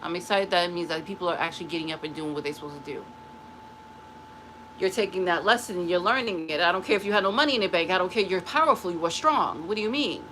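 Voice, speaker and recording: A woman's voice: on the low side, fast talker, fairly bright tone, slight background noise, poor audio. A middle-aged woman hosting a spiritual live stream, giving a blunt, emphatic motivational talk that repeats phrases for stress. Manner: blunt and dismissive.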